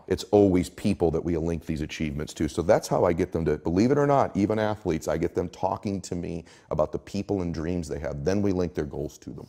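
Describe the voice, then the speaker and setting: A man's voice: low voice, a little fast, creaky, hardly any pauses, warm tone. A middle-aged man in a motivational interview, telling stories emphatically and acting out quoted lines. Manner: emphatic, storytelling, acts out quotes. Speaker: interview guest, coach.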